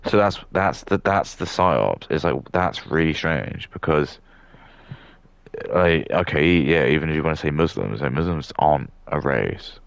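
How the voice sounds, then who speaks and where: A man's voice: a bass voice, animated, a little slow, creaky, no echo. A man in his thirties rambling and ranting in a casual stream while building models, swearing freely. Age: 30s.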